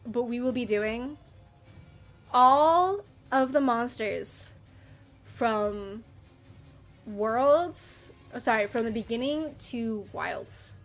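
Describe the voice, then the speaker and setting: A playful woman chats casually with her livestream audience, her voice sitting a little high. She bounces between mock outrage and easy laughter as she reacts to viewers. Faint music plays behind her. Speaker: streamer reading chat.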